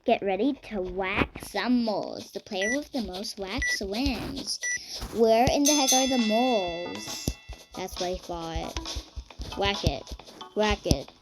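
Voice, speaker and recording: A young woman commenting on her own gameplay, dramatic and mock-angry with quick outbursts. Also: mid-range voice. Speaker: gaming vlogger. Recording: game music behind voice.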